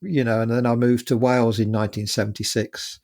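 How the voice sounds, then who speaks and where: An English man in his seventies, with a gravelly, rough-edged voice, rambles through his stories in an easy interview chat. His pitch sits in a plain middle range. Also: level tone, fairly quick, darkish tone. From England. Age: 70s. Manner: chatty, rambling with many fillers. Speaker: guest musician. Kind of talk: casual anecdotal storytelling.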